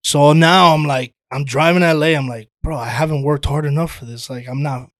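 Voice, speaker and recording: A man chatting casually as a podcast guest, telling animated stories, swearing freely and calling people "dude". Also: fairly high pitch, brisk, no room sound, clean studio sound. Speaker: guest, actor and playwright.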